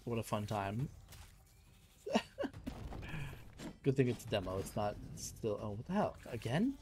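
Low-voiced man cursing at a game. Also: big pitch swings, unhurried. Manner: exasperated, swearing, reacting loudly to the game. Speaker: game streamer. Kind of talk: live gameplay commentary.

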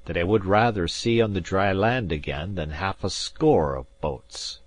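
A man reading as a bold Jacobite gentleman. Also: deep voice, expressive, unhurried, no room sound. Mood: grim. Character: proud, fiery Scottish Jacobite gentleman, bold.

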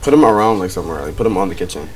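A man's voice: low-pitched, animated, very fast, music in the background. A young man in a hotel room, bantering and teasing his friend in casual chat. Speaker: friend helping film.

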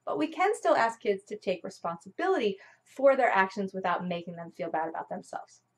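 A woman's voice: medium pitch, sing-song, fairly quick. A woman parenting coach explaining earnestly to viewers, with rhetorical questions. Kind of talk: teaching talk to viewers.

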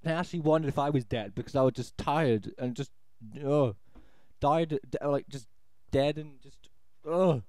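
A man's voice: a little high, normal speed, dark tone, no room sound. A man giving a rambling, exasperated, sarcastic spoken film review. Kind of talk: ranting audio film review.

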